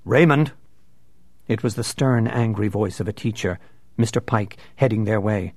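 Man giving a measured audiobook narration. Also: fairly low pitch, steady tone, warm tone, dry recording.

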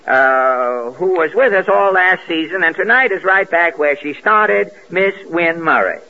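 A man's voice: on the high side, unhurried. A man hosting a 1940s radio comedy, dry and wisecracking, with mock-stern scolding, on a lo-fi old broadcast recording. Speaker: comedy show host.

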